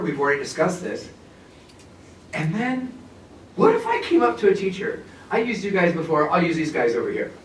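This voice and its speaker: A man giving an animated, humorous professional development talk to an audience of teachers in a conference room. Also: fairly high pitch, far from the mic. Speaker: presenter. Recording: roomy echo, speaker away from the mic, faint noise.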